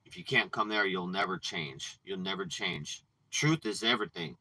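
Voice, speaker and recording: A man hosting a livestream, ranting and preaching with frequent swearing, dropping from low mutters to loud outbursts. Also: expressive, moderate pace, rough recording. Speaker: livestream host.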